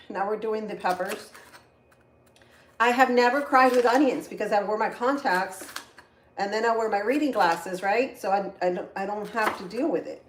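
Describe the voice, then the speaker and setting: A woman hosting a casual cooking livestream, chatting with viewers as she slices vegetables and often exclaims "oh Lord". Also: medium pitch. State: teary from onions. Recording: echoey kitchen, faint noise.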